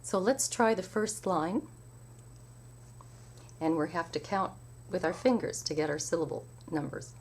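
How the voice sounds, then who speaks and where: Slow, careful woman teaching poetry. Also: lowish voice, breathy edge. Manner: slow, carefully enunciated explanation. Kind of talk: spoken lesson with recitation.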